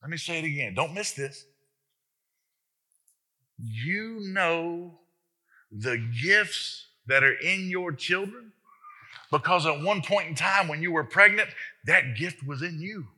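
A male pastor delivers a lively sermon, leaning on rhetorical questions and emphatic asides. His voice sits a little high and rings very bright and forceful. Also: takes it slowly, long pauses, breathy edge.

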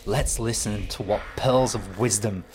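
A man with an English accent hosting a podcast, delivering a bitter, deadpan comic monologue. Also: lowish voice, measured pace, background noise. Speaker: podcast host. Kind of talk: sardonic comedic monologue.

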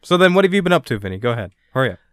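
Homem expressivo de voz limpa e seca. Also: male voice, mid-range voice, big pitch swings, very fast, no echo, studio quality. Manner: blunt, swears, teasing. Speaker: podcast co-host. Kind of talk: casual podcast chat.

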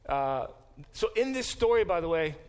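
Man, professor, classroom lecture, emphatic, fairly high voice. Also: big pitch swings, normal speed, clean tone.

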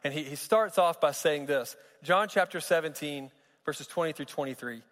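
A man's voice: on the high side, normal speed, fairly bright tone. Male pastor, chatty preaching with jokes, echoing church hall. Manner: conversational, joking asides, frequent restarts. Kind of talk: sermon. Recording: long reverb of a large hall.

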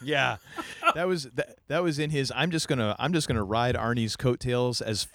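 A man's voice: mid-range voice, normal speed, a bit bright. A man hosting a casual podcast, talking enthusiastically and rambling with many restarts. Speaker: podcast host. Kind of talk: casual chat.

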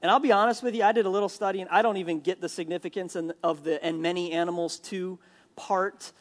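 A male pastor from Minnesota preaching a sermon in a church, animated and jokey, acting out the people he quotes. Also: high-pitched, fast talker. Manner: animated, jokey asides, acts out quoted lines.

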